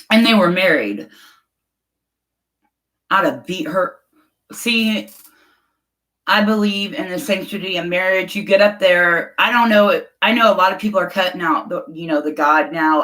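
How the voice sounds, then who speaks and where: A middle-aged woman speaks casually into her phone or webcam on a livestream, answering viewers. Her voice sits a little low, and she is frank, outspoken and openly emotional, often laughing between thoughts. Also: fairly bright tone, low-quality recording. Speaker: livestream host chatting with viewers.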